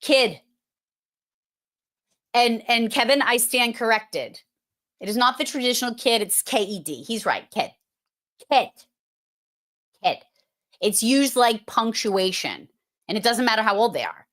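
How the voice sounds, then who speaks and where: Host, female, thick Boston accent, playful and emphatic, unhurried delivery. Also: fairly high pitch, lively intonation, a bit bright. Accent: Boston, Massachusetts. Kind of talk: casual livestream chat.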